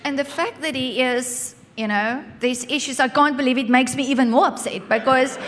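A woman with a high voice shares a funny story about her marriage, expressive and quick to laugh. She speaks to a listening audience. Her voice rings with the long reverb of a large hall. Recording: echoey hall.

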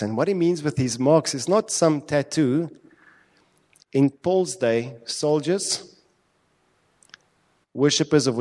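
A man delivers a sermon in a relaxed, conversational way, then leans into points with emphatic rhetorical questions. His mid-range voice rings out with a long reverb trailing behind each phrase. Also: medium pitch. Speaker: preacher.

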